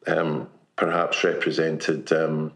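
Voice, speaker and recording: Deep-voiced hesitant man in a roomy echo. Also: level tone, slow pace, gravelly, fairly bright tone. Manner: hesitant, many restarts and fillers. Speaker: newspaper journalist. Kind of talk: casual round-table chat. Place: kitchen table.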